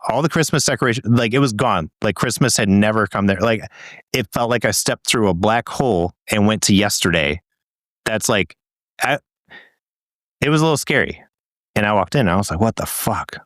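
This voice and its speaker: A man's voice: lowish voice, lively intonation, brisk, a bit bright, dry recording, clean studio sound. A man co-hosting a podcast, telling a long anecdote in casual chat and swearing freely. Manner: rambling storyteller, swears freely. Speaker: podcast co-host.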